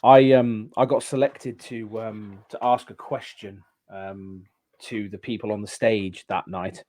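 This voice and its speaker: A man guest on a podcast, telling stories in casual chat and pausing with many ums. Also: on the low side, fairly even intonation, darkish tone. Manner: rambling storyteller, halting with many ums.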